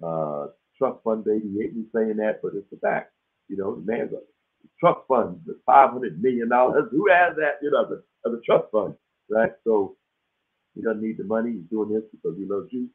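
A man hosting a webinar in a casual, lively way, acting out the voices in the stories he tells. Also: lowish voice, normal speed. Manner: animated storytelling, acts out quoted dialogue. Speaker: webinar host. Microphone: video call. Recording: tinny phone-like audio.

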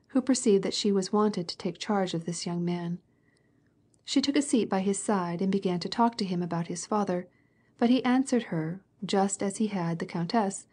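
A woman narrating a classic novel as an audiobook, in an even, measured storytelling manner. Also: medium pitch, slightly rough.

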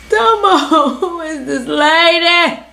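A woman's voice: extremely high pitch, vocal fry, sharp tone. Chatty, slangy young woman reacting. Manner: chatty, slangy, swearing and laughing often. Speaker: reaction video host. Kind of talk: casual reaction commentary.

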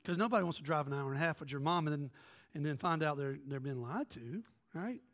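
A man's voice: fairly high pitch, fast. A man preaching a sermon as pastor, telling a story with quoted voices and jokes. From American South. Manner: animated, joking, jumps between quoted voices.

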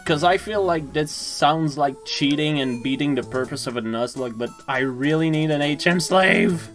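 A young adult streamer giving casual, excitable commentary while gaming, swearing, laughing often and stammering. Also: mid-range voice, moderate pace, faint music behind.

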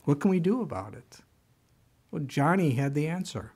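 A man with a somewhat high voice preaching a sermon from the pulpit. He tells his stories with an animated delivery and keeps putting rhetorical questions to the congregation. He speaks as the church's pastor. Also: normal speed, breathy edge.

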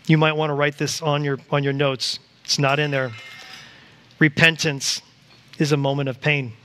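Bright-voiced male pastor preaching. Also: fairly high pitch, moderate pace. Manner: animated, acts out voices of God and Satan. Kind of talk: sermon. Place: church sanctuary.

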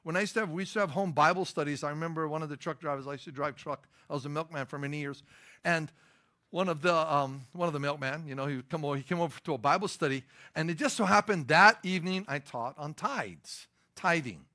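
Emphatic, bright-voiced male pastor preaching. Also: fairly high pitch, fast talker. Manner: emphatic preaching with rising, stressed lines and storytelling asides. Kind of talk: sermon.

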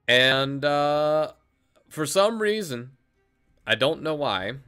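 A man's voice: on the high side, sing-song, slow pace, bright, forceful tone, smooth. A young man giving casual, chatty commentary over an online game, with frustrated asides and stumbling restarts. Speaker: gameplay commentator. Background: faint intro music.

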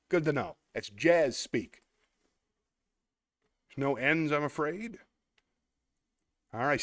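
A man hosting a casual online show, chatting as he plays a word game, thinking aloud and poking fun at himself, then thanking his viewers sincerely. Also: medium pitch. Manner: chatty, self-mocking, thinks aloud while playing. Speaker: host. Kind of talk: casual livestream chat while playing a word game; warm heartfelt sign-off to viewers.

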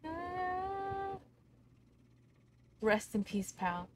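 A woman streaming a ghost-hunting game with a friend, excitable and swearing, shrieking when startled. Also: a little high, a little slow, background noise. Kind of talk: casual gaming chat.

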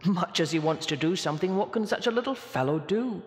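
A woman voicing a huge, kind male whale who speaks in a low rumble. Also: animated, brisk, lightly acted. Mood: pleading, worried. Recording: echoey room with long reverb.

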